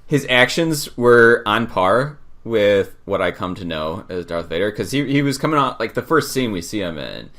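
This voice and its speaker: A man's voice: lowish voice, expressive, moderate pace, hardly any pauses, a bit bright. A man co-hosting a podcast in casual chat, laid-back and joking. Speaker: podcast co-host.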